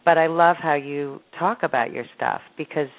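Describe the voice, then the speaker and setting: A woman host giving warm, affirming reflections to her guest. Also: low-pitched, moderate pace. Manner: warmly affirming. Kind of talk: supportive interview talk. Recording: tinny phone line.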